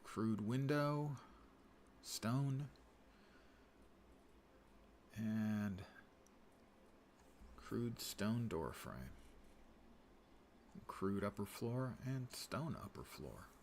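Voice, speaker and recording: A man's voice: fairly low pitch, animated, drawn-out words, pauses often, a little mellow, a little hiss or hum. A man casually narrating his gameplay on a stream, muttering dry, wry asides to himself. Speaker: game streamer.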